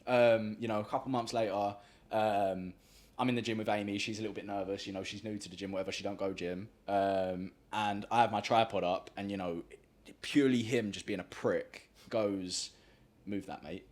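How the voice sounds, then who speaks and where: A man's voice: fairly low pitch, fairly even intonation, moderate pace. A young man telling a story on a podcast, slangy and full of swearing. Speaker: podcast host. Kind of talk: casual storytelling.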